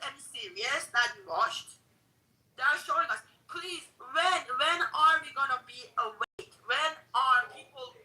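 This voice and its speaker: A woman's voice: sits high, sharp tone, far from the mic, poor audio. A woman whose first language is not English, arguing on a livestream call in emphatic, pleading broken English. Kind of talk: heated livestream debate.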